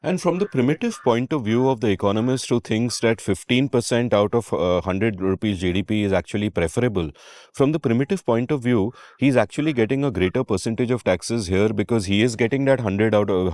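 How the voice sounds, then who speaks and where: Wry low-voiced podcast host. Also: male voice, a little mellow, dry recording. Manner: wry, dry humor. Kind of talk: conversational podcast talk.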